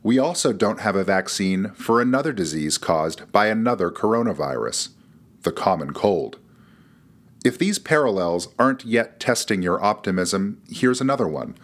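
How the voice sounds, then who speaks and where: A man's voice: on the low side, sing-song, moderate pace. A man hosting a podcast, reading a scripted narration with a dry, wry delivery. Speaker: podcast host.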